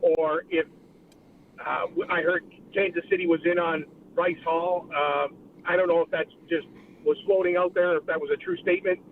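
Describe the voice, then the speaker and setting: A man calling in to a sports radio show, giving his take haltingly with many fillers. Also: on the high side, little pitch movement. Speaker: caller. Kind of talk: call-in radio comment. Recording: tinny phone line with faint hiss.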